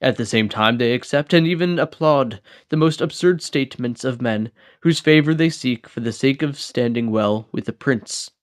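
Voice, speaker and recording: A man reading an old philosophical book aloud as an amateur audiobook, steady with small slips and restarts. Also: mid-range voice. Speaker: audiobook reader.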